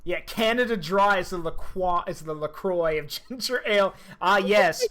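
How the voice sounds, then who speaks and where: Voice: medium pitch, normal speed, a bit bright. Streamer reading aloud with jokey asides. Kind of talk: reading a game novel aloud.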